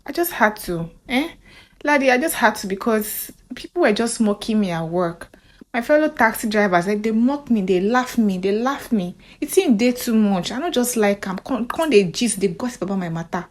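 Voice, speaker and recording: A Nigerian woman voicing an anxious male taxi driver who talks softly and complains. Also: medium pitch, lively intonation, moderate pace, close to an everyday voice. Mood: grumbling.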